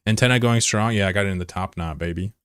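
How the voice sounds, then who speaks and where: Laid-back, cursing male streamer, low voice. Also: a bit bright, clean tone, no room sound, studio quality. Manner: laid-back, profane, quick to laugh; chats with viewers while playing a game. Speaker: live streamer. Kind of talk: casual livestream chat.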